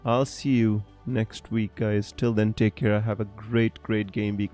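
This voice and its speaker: This is a man hosting a fantasy football live stream, talking casually to his chat. He is theatrical and quick to laugh, swinging into loud exclamations. Faint music plays in the background. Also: fairly low pitch. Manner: excitable, dramatic, laughs and exclaims often.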